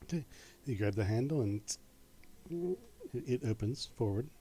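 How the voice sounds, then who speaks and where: A man running a tabletop game as game master, narrating in a halting way with many fillers and restarts. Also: medium pitch, expressive, warm tone, slightly rough.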